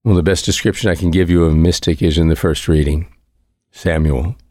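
Deep-voiced priest giving a relaxed homily. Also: male voice, brisk, no room sound, clean studio sound. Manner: reflective, repeats key phrases, chuckles lightly. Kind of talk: conversational homily.

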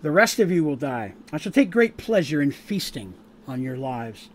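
A man voicing a cruel, gloating male villain in a tabletop game, speaking slowly and formally with menace. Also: on the high side, sing-song, slight background noise.

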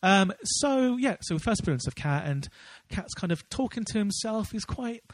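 Rambling podcast co-host, a man with a voice pitched a little high. He chats casually, stumbling through fillers and restarts, recorded dry and close with no room sound. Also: sing-song, normal speed, dry recording. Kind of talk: casual chat.

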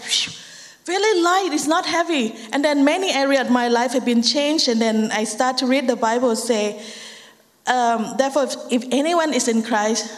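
A young woman from Thailand with a Thai accent, speaking English as a second language. She gives an earnest personal testimony with halting phrasing and frequent restarts. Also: a little high. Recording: long hall reverb.

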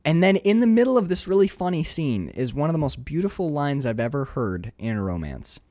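A man talking through a film in a casual podcast chat with a lively, swooping voice that jumps high whenever he acts out lines of dialogue. His pitch sits a bit higher than most men's. The recording is dry and close. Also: fairly quick, dry recording. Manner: animated, acts out quoted dialogue with big pitch swings, swears casually. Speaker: podcast co-host discussing a film.

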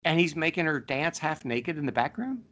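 A man hosting a podcast, chatting casually and spinning long anecdotes. His voice is bright and forceful, and he pads his stories with plenty of ums and you knows. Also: fairly high pitch, lively intonation, moderate pace. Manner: rambling storyteller with many fillers. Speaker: podcast host. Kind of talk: casual chat and storytelling.

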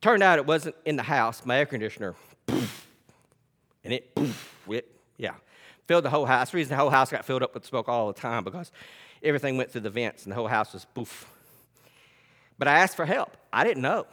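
A male pastor preaching a sermon. He swings between loud, emphatic scripture reading and quiet, conversational storytelling. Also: medium pitch, expressive, quick pace, in a large hall. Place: church sanctuary.

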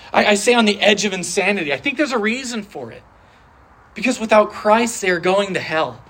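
A preacher delivering a sermon in an animated, conversational way, repeating phrases for emphasis. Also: mid-range voice, breathy edge.

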